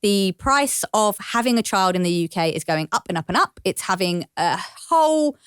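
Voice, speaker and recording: A British woman chatting as a podcast guest, lively and quick to laugh, wandering off on small digressions. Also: mid-range voice, clear, resonant tone, no room sound, clean studio sound. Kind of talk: casual chat.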